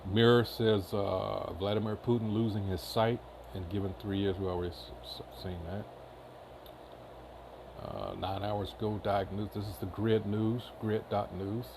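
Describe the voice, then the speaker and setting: A man's voice: on the low side, fairly even intonation, unhurried, vocal fry, background noise. A man reading news headlines aloud in casual commentary, with many filler uhs and short asides. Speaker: commentary channel host.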